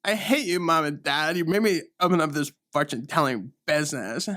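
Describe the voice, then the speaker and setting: A man's voice: fairly high pitch, a little fast, pushed and bright, no room sound, clean studio sound. Man putting on a bratty teen fortune teller girl. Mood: sneering. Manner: whiny, dismissive, sarcastic.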